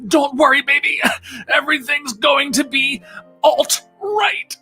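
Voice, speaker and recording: A shrieking person in labor. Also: male voice, very high voice, pushed and bright, faint music behind, pitched above the performer's own voice, exaggerated voice. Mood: straining wails. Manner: shrieking, drawn-out, strained wails. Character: person in the middle of labor, straining and wailing.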